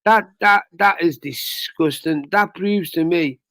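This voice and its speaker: A man's voice: high-pitched, slow, a bit bright, no echo. A man rambling in casual livestream chat, repeating phrases and asking "you know what I mean". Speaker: livestream co-host.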